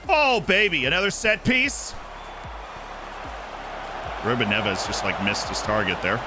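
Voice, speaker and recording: Excitable young man commentating his game. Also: lowish voice, a little slow, music in the background. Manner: excitable, swings from mumbled asides to shouting at goals. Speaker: streamer. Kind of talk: live gameplay commentary.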